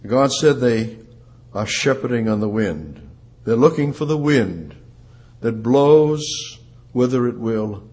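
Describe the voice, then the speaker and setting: A man preaching a sermon, repeating words for emphasis and rising louder on the scripture he quotes. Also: mid-range voice, animated. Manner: emphatic, repetitive preaching with slow drawn-out phrases. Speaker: pastor.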